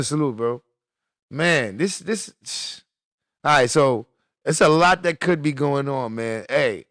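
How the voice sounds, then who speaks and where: A man's voice: mid-range voice, lively intonation, takes it slowly, a bit bright, no room sound. A man streaming live, reacting to news with loose, laughing slang banter aimed at his chat.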